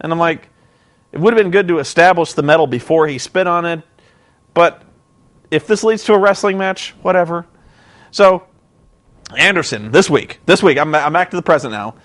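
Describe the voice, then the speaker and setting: A man's voice: on the high side, moderate pace, pauses often, a bit bright. A young man recapping a show in a rambling, incredulous, sarcastic way. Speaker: vlogger.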